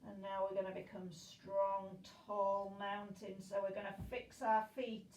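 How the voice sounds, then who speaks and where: A woman's voice: mid-range voice, little pitch movement, measured pace, a little mellow, roomy sound, recorded from a distance, a little hiss or hum, rough recording. A woman guiding a children's yoga class in an encouraging, playful way. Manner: encouraging, playful, makes animal noises.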